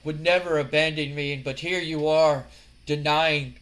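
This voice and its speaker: A man putting on the voice of a menacing, seductive male wrestler, speaking slowly and in a drawn-out, purring way. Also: fairly high pitch, steady tone, fairly bright tone. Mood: creepy seductive. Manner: slow, drawn-out, purring delivery.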